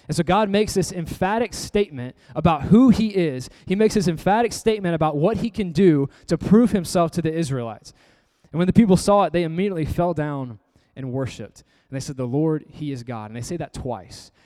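A man's voice: on the high side, dark tone, in a large hall. A man preaching an evening sermon, reading scripture aloud and then explaining it with earnest, conversational rhetorical questions. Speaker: pastor.

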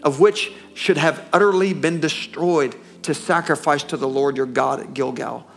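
A king defends himself, voice pitched up and pressing, as a male preacher reads the lines during a sermon. Quiet music sits under the speech. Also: moderate pace, creaky. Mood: defensive. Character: defensive male king excusing his disobedience.

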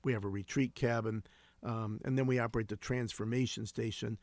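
In studio-quality audio with no echo, a man in his sixties who founded a homeless ministry shares stories as an interview guest. His medium-pitched, darkish voice stays fairly even and runs a little fast, earnest and reflective, with frequent restarts.

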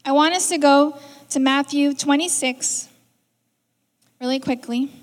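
A woman's voice: high-pitched, unhurried. A woman preaching a sermon in a conversational way, acting out the lines she quotes. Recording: reverberant hall.

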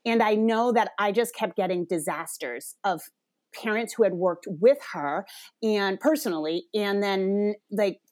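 Woman host of a parenting podcast, blunt abrupt way of talking, mid-pitch, casual. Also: measured pace, darkish tone. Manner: blunt and abrupt, self-described. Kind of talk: candid conversation.

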